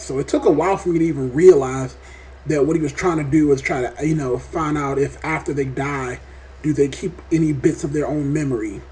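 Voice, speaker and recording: A man reviewing a TV episode in a casual vlog, talking in an animated, rambling way and swearing often. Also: a little high, slight background noise. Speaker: TV show reviewer.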